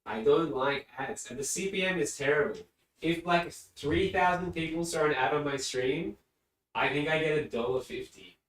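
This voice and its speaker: A man's voice: on the high side, normal speed, a bit bright. A man streaming live and chatting casually, rambling and easily distracted, sitting far from his mic. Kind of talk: casual livestream chat. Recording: echoey room, distant mic.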